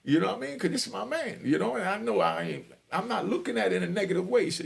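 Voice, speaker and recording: Gravelly, rambling New York man. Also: high voice, racing, hardly any pauses. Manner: animated, rambling, full of "you know what I mean". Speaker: host telling prison stories. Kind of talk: casual storytelling monologue.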